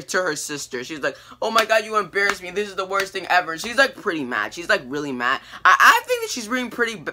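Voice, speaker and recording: A teenage boy talks through an episode recap in a loose, rambling way, tripping over restarts and fillers. His voice is very bright and sits a little high for a guy. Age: teens. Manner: rambling, many fillers and restarts, animated quoting. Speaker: TV review vlogger. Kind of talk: casual recap and review.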